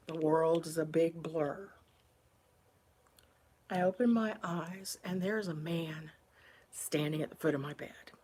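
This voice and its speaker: A woman recounting a personal story in a casual, unhurried, conversational way, with pauses between phrases. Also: fairly low pitch.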